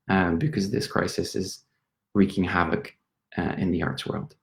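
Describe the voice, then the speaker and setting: A man with a French accent, an actor and playwright, thanking viewers in a relaxed, hesitant way with many pauses. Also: low voice, creaky. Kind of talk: livestream sign-off. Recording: roomy echo.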